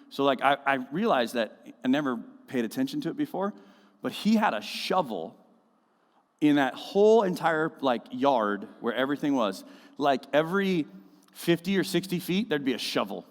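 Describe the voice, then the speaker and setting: A man preaching a sermon as a pastor, conversational and full of animated storytelling, in a church auditorium. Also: on the high side, normal speed. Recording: echoey church hall.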